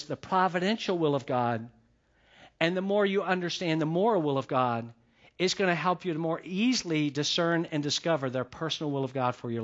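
A man preaching a sermon as pastor, talking in a conversational, repetitive way and checking in with the congregation. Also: a little high.

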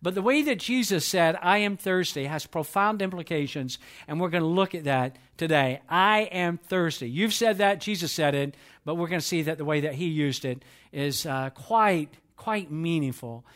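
A middle-aged man delivers a Sunday sermon with a fairly high voice. He tells stories earnestly and slows right down when he quotes scripture. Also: lively intonation. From Georgia, US. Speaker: pastor.

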